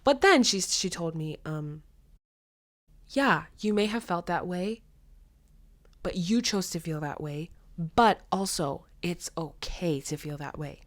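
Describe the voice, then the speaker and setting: A young woman chats through her own podcast in a loose, unscripted way. She is frank and a little sweary, and she gets animated when she retells conversations. Her voice sits slightly low in pitch. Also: takes it slowly. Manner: animated storytelling, acts out quoted voices with big pitch jumps; frank and blunt, with mild swearing. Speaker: podcast host. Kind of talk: casual solo podcast chat.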